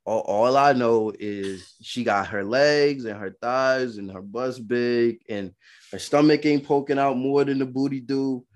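A man's voice: mid-range voice, a little slow. A young man from Brooklyn, co-hosting a podcast and telling casual stories with laughs and acted-out quotes. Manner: animated, laughing, acts out voices in quotes. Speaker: podcast co-host. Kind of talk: casual storytelling chat.

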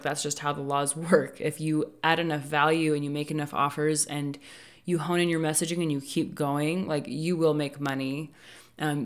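A woman who is a business coach hosting a solo podcast, talking casually and earnestly with many fillers and light laughs. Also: deep voice.

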